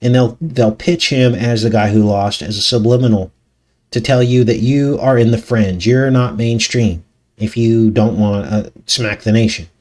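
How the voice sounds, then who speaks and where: A channel host runs a casual live talk show, reading news articles aloud and tossing in skeptical, conversational asides. He laughs often and makes rhetorical remarks. His voice is on the low side, a little mellow, at a moderate pace.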